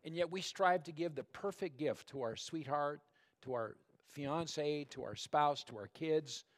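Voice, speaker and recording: A man preaching a sermon as pastor, talking conversationally and speaking straight to the congregation, and dropping to a soft, hushed tone when calling for prayer. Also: on the high side, measured pace. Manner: conversational storytelling, addresses the congregation directly.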